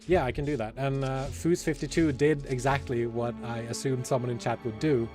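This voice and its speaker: A man's voice: medium pitch, steady tone, brisk, a little mellow, soft background music. A man hosting a game live stream, chatting casually and talking to the viewers in chat. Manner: chatty, rambling, addresses the chat directly.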